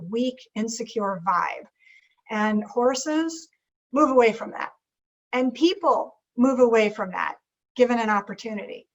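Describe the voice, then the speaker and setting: A woman leading a live group workshop as a leadership coach, talking in an animated way and acting out inner voices. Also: on the high side, muffled recording.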